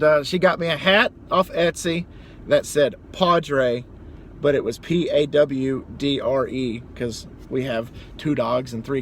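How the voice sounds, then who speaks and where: Street and car noise runs behind this young man as he rants casually for his vlog, telling a meandering story punctuated by mock outbursts. His voice is medium in pitch and a little bright.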